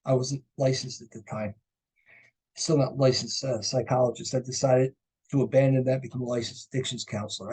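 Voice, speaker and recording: Middle-aged guy teaching a class, bit husky, chatty with lots of stories and "you know"s. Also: mid-range voice, a little mellow. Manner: conversational, storytelling, frequent "right?" and "you know". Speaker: college lecturer. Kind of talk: recorded lecture with personal anecdote.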